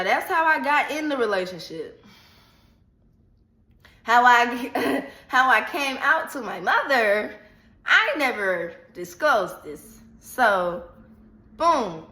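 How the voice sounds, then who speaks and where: A woman vlogger casually retelling a personal story in an animated, slangy, dramatic way. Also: fairly high pitch, slow, long pauses. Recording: echoey room.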